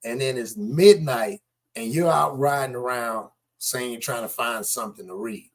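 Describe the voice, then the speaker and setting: A man's voice: mid-range voice, normal speed. A man giving casual, skeptical commentary on news clips, talking straight to his viewers.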